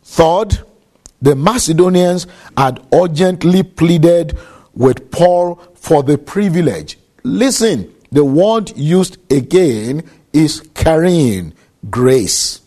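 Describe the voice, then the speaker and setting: A man preaching a sermon, measured and deliberate, repeating key phrases for emphasis. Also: a little high, animated, dark tone.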